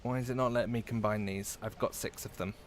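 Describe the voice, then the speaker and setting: A man's voice: lowish voice, fairly even intonation, fast talker, a little hiss or hum. A man chatting casually while live-streaming a game, giggling often and trailing off into fillers.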